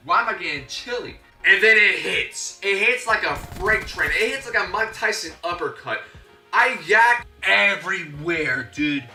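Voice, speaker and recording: A young man telling a comedic story, animated and slangy, acting out his own voice and his coaches' voices. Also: sits high, a little slow. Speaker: YouTuber. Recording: echoey room, a bit distant from the mic, faint music.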